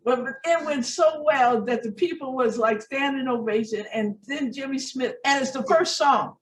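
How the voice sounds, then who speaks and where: A fairly high-voiced woman from North Omaha, Nebraska, tells stories to an interviewer with animated energy. She slips into other people's voices as she recounts them. The sound is echoey and set back from the mic. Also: normal speed. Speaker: guest musician. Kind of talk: casual storytelling interview. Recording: echoey, distant room sound.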